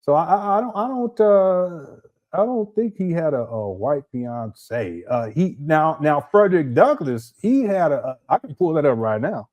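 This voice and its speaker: A man's voice: a little high, lively intonation, unhurried, muffled recording. A man hosting a casual livestream, teasing and laughing as he reacts and reads viewer chats aloud. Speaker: livestream host.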